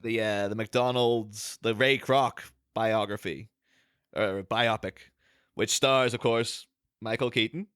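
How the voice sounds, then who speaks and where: A man's voice: on the low side, fairly even intonation, takes it slowly, fairly bright tone, smooth, no room sound, clean studio sound. A man co-hosting a podcast, rambling with lots of fillers and restarts, laughing as he goes. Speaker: podcast co-host. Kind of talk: casual chat.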